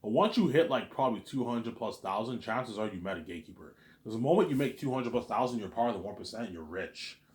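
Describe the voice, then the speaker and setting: A man's voice: on the low side, expressive, fast talker, hardly any pauses. A man in a rambling, profane monologue, who often stammers and repeats words. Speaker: vlogger. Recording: echoey room.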